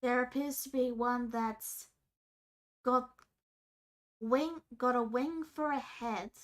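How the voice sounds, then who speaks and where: A woman runs a tabletop game, describing creatures and outcomes in casual narration. Her voice sits a little high. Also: steady tone, slow pace. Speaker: game master.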